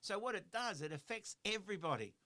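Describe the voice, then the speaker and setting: A man's voice: sits high, sing-song, fairly quick, bright, forceful tone. A middle-aged man hosting a motivational radio chat in a studio, talking earnestly and repeating his points for emphasis. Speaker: radio show host.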